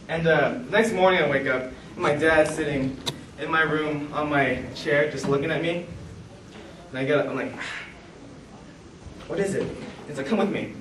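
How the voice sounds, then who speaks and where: A man telling stand-up stories on a comedy club stage, animated and acting out the people in them. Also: fairly high pitch, distant mic. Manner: animated, acts out quoted voices. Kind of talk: stand-up storytelling. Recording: roomy club sound from afar, noisy. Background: club audience laughter.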